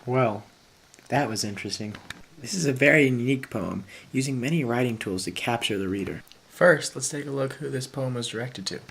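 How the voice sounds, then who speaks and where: A man's voice: mid-range voice, a little fast, creaky, a bit bright, slight background noise. A young man giving a casual, playful analysis of a poem, with mock-dramatic asides.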